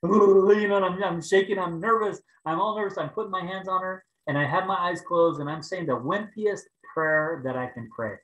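A man preaching over a video call, telling a personal story in an animated way and raising his voice for the prayers. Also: high voice, moderate pace, hardly any pauses, echoey room, poor audio. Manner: animated storytelling, rising to loud exclaims when acting out prayers. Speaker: pastor.

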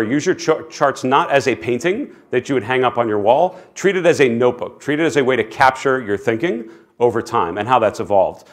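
A middle-aged man giving a conversational presentation as a market strategist, chatty and self-deprecating, with many fillers and restarts. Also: mid-range voice.

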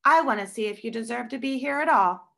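Woman putting on a gravelly southern teacher, strict and bossy, snaps orders. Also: fairly high pitch, fast talker, pitched above the performer's own voice. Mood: demanding. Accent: Southern American. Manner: sharp and commanding. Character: stern strict older female teacher, barking.

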